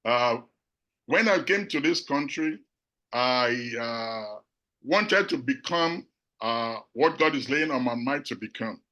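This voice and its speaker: Bright-voiced Nigerian man, measured. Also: mid-range voice, lively intonation, highs cut off. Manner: measured, with frequent filler pauses. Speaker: panel speaker. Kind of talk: reflective talk to an audience.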